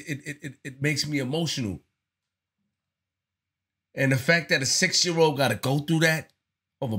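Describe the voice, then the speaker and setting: A man's voice: medium pitch, a bit bright. A man giving casual spoken commentary on his channel, earnest and slangy, often repeating himself as he talks it through. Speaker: vlogger.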